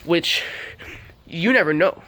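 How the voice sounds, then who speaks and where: Chatty young man, high voice. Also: expressive, takes it slowly, pushed and bright. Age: 20s. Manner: rambling, lots of fillers, acts out quotes in higher voice. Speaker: vlogger. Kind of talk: casual storytelling vlog.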